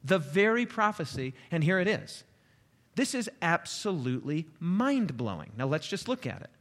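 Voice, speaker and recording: A man preaches a sermon with a somewhat high voice, swinging from loud, dramatic declaiming to hushed asides. His voice rings out with a long reverb, as if recorded in a large hall. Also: big pitch swings, moderate pace.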